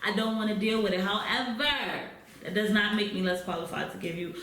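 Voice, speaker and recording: Woman, podcast co-host, blunt, slangy, mid-pitched voice, roomy echo, faint hiss. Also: steady tone, a little fast, fairly bright tone. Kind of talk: casual chat. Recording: roomy with faint background noise.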